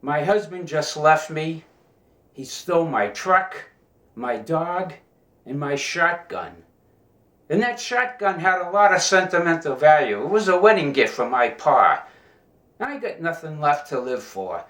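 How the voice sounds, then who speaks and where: A man's voice: fairly high pitch, very animated, measured pace, a bit bright. A man voicing a young stowaway woman in a joke, in a fairly roomy recording. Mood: despairing. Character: young woman stowaway, desperate then coy. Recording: roomy echo.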